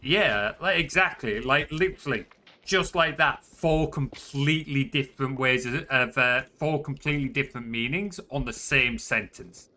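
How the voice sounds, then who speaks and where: A man's voice: mid-range voice, normal speed, bright, forceful tone, a little hiss or hum. A man explaining things in casual voice chat while gaming, padding his talk with many fillers. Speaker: server player.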